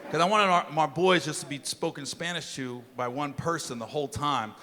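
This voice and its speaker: A middle-aged man performing a profane, swaggering stand-up comedy set, acting out shouted quotes, on stage with a handheld mic. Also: a little high, a little fast, long reverb tail. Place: comedy stage before a live audience. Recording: live room with crowd laughter and noise.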